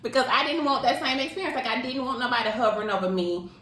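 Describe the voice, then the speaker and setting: A woman's voice: a little high, fast talker. A woman, talking candidly and expressively in casual chat. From Alabama, US. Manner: candid, expressive, dialect-heavy talk. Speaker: co-host. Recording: roomy echo.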